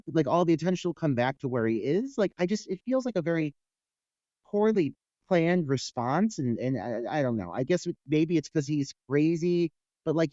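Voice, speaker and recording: A man's voice: a little high, dark tone, dry recording, lo-fi sound. A man co-hosting a horror film podcast, talking casually and hedging with lots of fillers. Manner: hedging, filler-heavy, with mimicked quotes. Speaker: podcast co-host.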